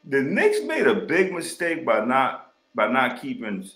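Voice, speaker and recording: A man's voice: mid-range voice, measured pace, roomy sound. A man with a Boston accent on a sports podcast, arguing emphatically and swearing freely. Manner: emphatic, profane, animated. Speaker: podcast co-host. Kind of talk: casual sports banter.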